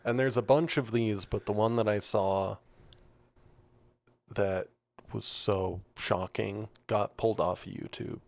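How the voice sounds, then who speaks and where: A man's voice: on the low side, fairly even intonation, unhurried, creaky, darkish tone. A man co-hosting a podcast, telling rambling anecdotes in casual chat. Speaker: podcast co-host.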